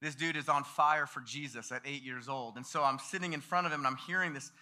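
A man in his thirties preaching, telling a story in an animated way and acting out the voices of the people in it. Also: mid-range voice, quick pace. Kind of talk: sermon storytelling.

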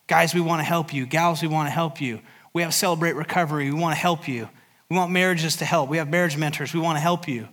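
A man's voice: a little high, fast talker, fairly bright tone. Earnest male pastor preaching. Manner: earnest, repeats phrases for emphasis. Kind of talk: sermon. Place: church service.

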